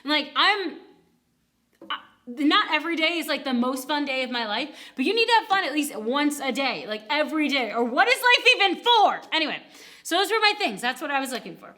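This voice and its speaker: A woman's voice: high voice, expressive, brisk, bright, forceful tone. A young woman in her twenties on a youth ministry staff, telling a casual personal testimony in a chatty way with many fillers. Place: recorded alone to a camera.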